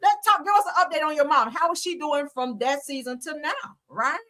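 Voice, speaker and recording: A woman's voice: high voice, brisk, bright, forceful tone. A woman, hosting a live stream, gossiping bluntly and sassily about reality TV while laughing and answering her chat. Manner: sassy, blunt, laughs often, talks to the chat. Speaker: reality TV commentary host.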